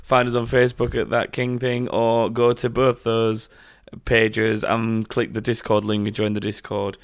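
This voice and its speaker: A man's voice: lowish voice, completely flat delivery, a little slow, clear, resonant tone. A man hosting a casual podcast, chatting loosely with many restarts and frequent laughs. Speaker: podcast host.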